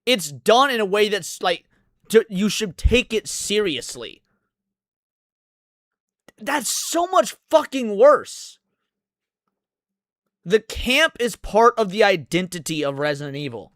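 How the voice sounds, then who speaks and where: A man's voice: high-pitched, very animated, slow pace, pauses often, fairly bright tone, no echo. A male streamer ranting through a reaction video, swearing constantly. His voice rises and falls a lot, and the recording is dry and close. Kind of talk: profane reaction commentary.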